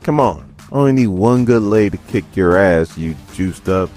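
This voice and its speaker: A man voicing a grim, stubborn male vigilante, curt and flat, in his own low voice. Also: normal speed, soft background music.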